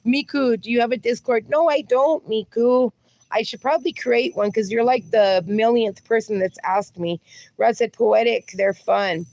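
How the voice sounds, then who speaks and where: A woman's voice: fairly high pitch, moderate pace, darkish tone, no room sound. Giggly woman reading out live chat. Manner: laughs often, reads chat messages aloud; talks sweetly to her dog. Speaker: livestream host. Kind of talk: casual livestream chat, reading comments.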